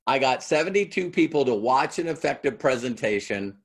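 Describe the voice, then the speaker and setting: A man's voice: mid-range voice, animated, brisk, husky. Man telling a story to an audience. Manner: conversational, acts out both sides of past dialogues. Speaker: motivational speaker. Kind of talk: storytelling talk to a live audience.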